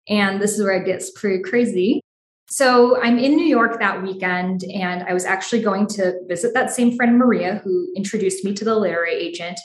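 A woman's voice: mid-range voice, roomy sound. A young woman telling a personal story in a chatty way, full of "like", acting out the dialogue. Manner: chatty, lots of "like", acts out dialogue.

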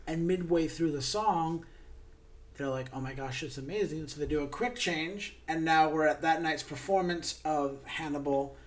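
Animated woman retelling a story. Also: deep voice, moderate pace. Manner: animated, acts out characters' lines. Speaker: podcast co-host. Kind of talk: casual chat retelling a musical's plot.

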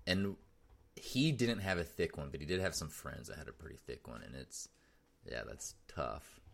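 A man's voice: extremely low pitch, expressive, normal speed, gravelly. A man co-hosting a podcast in loose, casual chat, laughing often and swearing freely. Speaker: podcast co-host.

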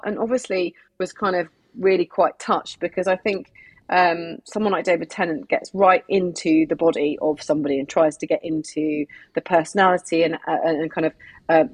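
Husky woman chatting about TV. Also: on the low side, dry recording. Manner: enthusiastic, conversational. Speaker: podcast co-host. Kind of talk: casual review chat.

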